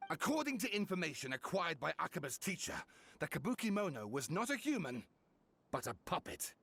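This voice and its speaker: Showy, excitable writer, high voice swooping all over for game dialogue. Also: male voice, brisk, creaky, breathy edge, exaggerated voice. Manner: theatrical, excitable, dramatic build-ups. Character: eager male scholar-writer, theatrical and chatty.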